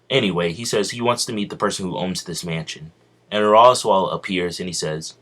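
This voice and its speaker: A man with a deep voice tells a fan story casually. He rambles and halts as he goes, pausing often between thoughts. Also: a bit bright. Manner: rambling, halting narration.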